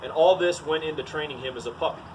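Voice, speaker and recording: A man's voice: on the high side, quick pace, recorded from a distance, noisy background. A man teaching dog training in a casual, to-the-point way, often saying "all right" between steps. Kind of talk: casual outdoor training demo.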